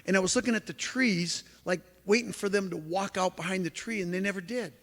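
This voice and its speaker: A man giving a lecture as an animated storyteller, who acts out the exclamations he quotes. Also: high-pitched, fairly quick. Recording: long hall reverb.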